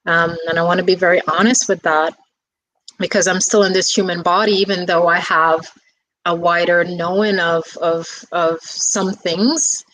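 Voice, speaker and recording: A woman guest speaking in a soft, reflective way, talking casually with a few restarts and fillers. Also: fairly low pitch, steady tone, moderate pace, slight background noise, low-quality recording. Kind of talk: casual conversation.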